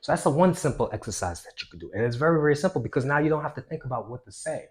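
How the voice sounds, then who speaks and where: A man coaching viewers on social confidence, talking with energy and swinging between a loud voice and a hushed one. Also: mid-range voice, animated, rapid-fire. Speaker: self-improvement coach. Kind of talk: instructional talk to camera.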